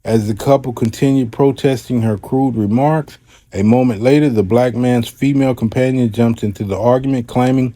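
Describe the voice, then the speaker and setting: A man with a mellow, dark-toned voice talks over a viral clip and then reads a news story aloud, adding his own remarks. His delivery is relaxed and conversational. The sound is dry and close, with little room behind it. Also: medium pitch, moderate pace, no room sound. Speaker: commentary host. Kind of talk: reaction commentary and reading a news story.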